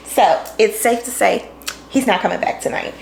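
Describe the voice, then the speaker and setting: A woman's voice: fairly high pitch, measured pace, creaky, slight background noise. A young woman talking casually to her vlog camera at home in her kitchen, tired and out of breath, laughing often as she chats. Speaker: vlogger. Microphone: camera on tripod. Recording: roomy kitchen echo.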